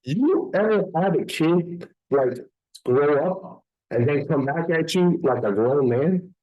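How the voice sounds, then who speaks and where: A man hosting a podcast, telling stories in a lively way and acting out what people said. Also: on the high side, slow pace, phone-quality sound. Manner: animated storyteller, acts out quotes. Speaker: podcast host. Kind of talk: casual podcast chat.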